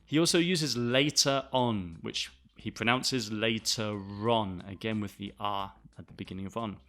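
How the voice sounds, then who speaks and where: A man from the south of England with a Southern English accent, explaining English vocabulary to learners in a clear, deliberate way. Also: lowish voice, fairly bright tone. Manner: clear, deliberate, spells words out. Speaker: English teacher, podcast host.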